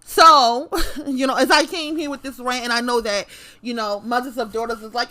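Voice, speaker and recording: A woman's voice: a little high, normal speed, pushed and bright. A woman delivering a profane, confrontational rant straight to camera, repeating her lines for emphasis. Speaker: vlogger.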